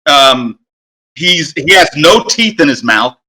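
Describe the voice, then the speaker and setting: Bright-voiced man running a tabletop game. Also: fairly high pitch, lively intonation, slightly rough. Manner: halting, many fillers and restarts. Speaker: game master.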